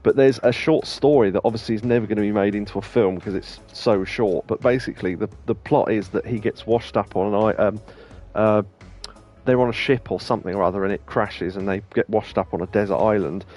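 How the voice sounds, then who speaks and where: A let's play host chats casually over gameplay, rambling through stories with plenty of restarts and laughter. His voice is fairly low and darkish, a little fast, and faint music plays in the background.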